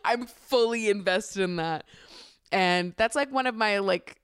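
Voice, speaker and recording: A young woman hosting a podcast, chatting in a gushing, casual way with lots of filler words and frequent laughter, acting out quotes in animated voices. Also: mid-range voice, a little slow, smooth, no room sound, studio quality. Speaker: podcast host. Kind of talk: casual chat recapping a reality show.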